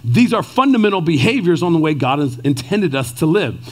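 Animated high-voiced male preacher. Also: a little fast. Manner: animated, conversational preaching with many "right?" asides. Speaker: pastor. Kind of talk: sermon.

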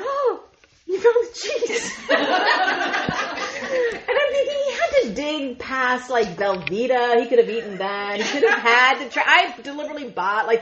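A fairly high-voiced woman gives a humorous talk at a women's ministry gathering. She is animated and chatty, laughs often and fills her lines with "like". The room sound is echoey and a bit muffled. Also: background noise. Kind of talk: humorous storytelling talk to a live audience. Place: event room.

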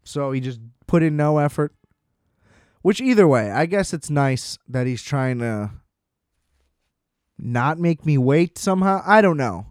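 Young adult man, casual comedic monologue. Smooth voice, dry room sound, sardonic rambling delivery. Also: a little high, expressive, a little slow, long pauses, dry recording. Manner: rambling, sardonic, self-deprecating. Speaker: solo storyteller. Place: small room at home.

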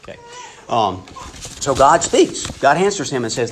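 A man preaching a sermon in an earnest, conversational way, swinging between loud and hushed passages. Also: medium pitch, very animated, moderate pace, slight background noise. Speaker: pastor.

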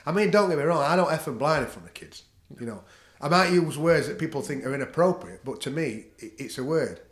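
A man's voice: a little high, lively intonation, a little fast. Blunt northern English man, roomy sound. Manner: blunt, swears freely, laughs at own stories. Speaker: podcast guest, jiu-jitsu practitioner. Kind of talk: casual chat. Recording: echoey room.

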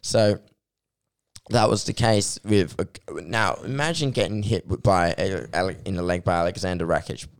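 A man with a low, smooth, resonant voice chatting about fight sports. He talks eagerly and piles phrase on phrase as he builds his case. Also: normal speed. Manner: enthusiastic, stacks phrases with like and just. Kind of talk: casual sports chat.

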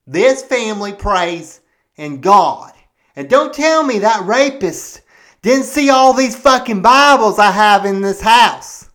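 A man's voice: high voice, bright, forceful tone, heavily acted. A man playing a jealous, paranoid husband who rants and curses with indignation. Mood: explaining. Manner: cursing, ranting, indignant. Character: jealous, profane, paranoid middle-aged husband. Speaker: podcast pastor host. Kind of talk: comedic monologue performed in character.

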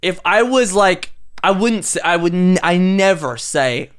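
A man's voice: high voice, lively intonation, measured pace, smooth. A young man from Canada co-hosting a podcast, swearing, joking crudely and laughing often. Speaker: podcast co-host. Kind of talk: casual chat.

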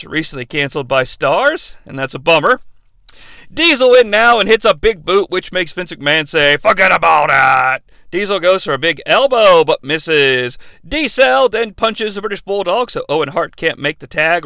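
A man hosting a comedic play-by-play recap, jokey and excitable, now and then bursting into shouted calls. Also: sits high, vocal fry, smooth, dry recording. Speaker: podcast host recapping wrestling.

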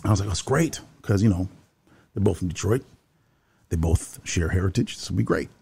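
This man's voice sits low and gravelly, warm yet slightly rough. He works in building security and tells a story earnestly in conversation, speaking rapidly and often repeating his first words as he starts sentences.

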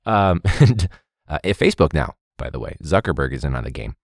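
A man's voice: rumbling low, fairly quick, dry recording, studio quality. A young man, a teacher hosting a podcast, talking casually and animatedly, joking and mimicking others. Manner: animated, jokey, mimics people in a loud voice.

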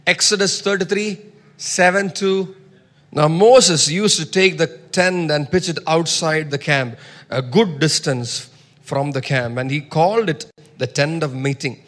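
A man preaching a sermon, reading scripture loudly and dropping to soft asides. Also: on the high side, unhurried, long reverb tail. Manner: emphatic, swings between soft asides and loud scripture reading.

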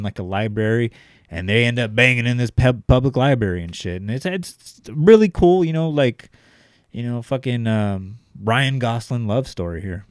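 A man's voice: mid-range voice, no room sound, studio quality. A young man telling a story in casual chat, rambling with lots of fillers and swearing.

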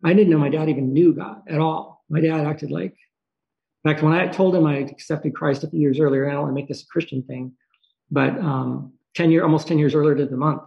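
A man with a gravelly, somewhat high voice tells a personal story. He speaks haltingly and with emotion, pausing and restarting as he goes. The recording sounds dull and lo-fi. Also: steady tone. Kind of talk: personal storytelling, reflective monologue.

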